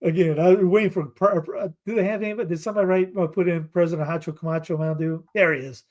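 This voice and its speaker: A man's voice: high voice, steady tone, fast, a little mellow. A middle-aged man from North Carolina, hosting a casual news commentary show, reading headlines aloud and mocking them, with rambling asides. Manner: sarcastic, reads headlines aloud and mocks them; rambling asides while searching for clips.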